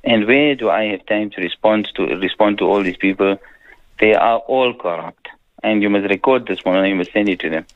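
A man's voice: on the low side, steady tone, fast talker, hardly any pauses. A man, an Islamic scholar answering listener questions on a radio call-in, talking emphatically and repeating his points. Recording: dull radio broadcast sound.

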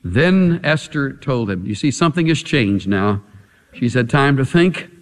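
Guy preaching a sermon, slow and dramatic, voice ringing round a big echoey hall. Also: mid-range voice, animated. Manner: dramatic, emphatic preaching with rhetorical questions.

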